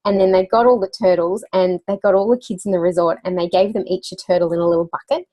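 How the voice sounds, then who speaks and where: A woman's voice: on the low side, steady tone, quick pace, warm tone. A woman guest in a casual interview, talking as a children's wellbeing coach with a chatty storyteller's manner, laughing now and then and using lots of fillers. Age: adult parent.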